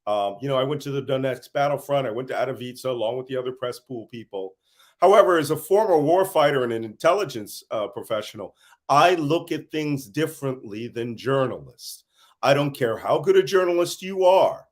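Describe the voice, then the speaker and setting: A middle-aged man from the United States who says he is tired, answering interview questions as an intelligence analyst and telling animated stories between laughs. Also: medium pitch, a little fast.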